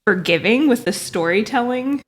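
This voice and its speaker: Expressive, swearing woman podcast co-host. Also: a little high, moderate pace. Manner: expressive, swears and laughs freely. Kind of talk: casual podcast chat.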